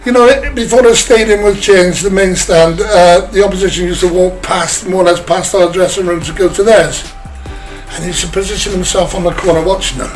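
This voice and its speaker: A man's voice: sits high, fairly quick, soft background music, rough recording. An older English man, a former footballer, telling chatty anecdotes in an interview and slipping into other people's voices. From England. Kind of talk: casual storytelling interview.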